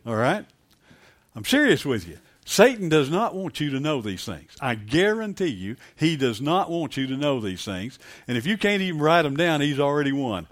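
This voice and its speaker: A man's voice: fairly high pitch, big pitch swings, moderate pace. A man preaching a sermon, calling on the congregation for amens and building to emphatic peaks. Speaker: pastor.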